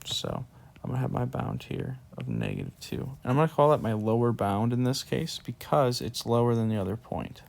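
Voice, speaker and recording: Gravelly-voiced man teaching a math lesson. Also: medium pitch, sing-song, fairly quick, few pauses, a little mellow. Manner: casual, talks through steps as he writes. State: yawning, sleepy. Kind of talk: screen-recorded math lesson.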